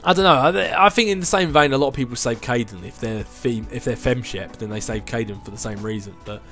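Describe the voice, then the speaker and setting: A man's voice: medium pitch, fairly quick, a bit bright, soft background music. A man in his twenties hosting a casual video Q&A, chatting in a rambling way with frequent restarts and laughs. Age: 20s. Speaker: YouTube channel host answering viewer questions. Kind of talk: casual chat.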